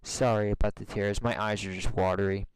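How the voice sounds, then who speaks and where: A man reading a fan story aloud, voicing a gentle, affectionate young female pegasus pony. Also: lowish voice, a little fast, a little hiss or hum, close to an everyday voice, rough recording. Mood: kind. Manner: soft, affectionate, calm.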